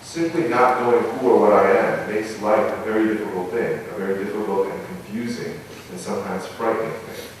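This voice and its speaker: Low-voiced monk giving a dharma talk in an echoey hall. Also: male voice, a little hiss or hum. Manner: measured, pausing, reflective. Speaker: Buddhist monk teaching meditation. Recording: echoey hall, mic far off.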